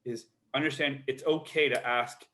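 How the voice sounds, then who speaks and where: A man's voice: mid-range voice, steady tone, normal speed, a bit bright. A middle-aged man, a literary agent, answering questions in a live online Q&A in an earnest way, often repeating words as he thinks.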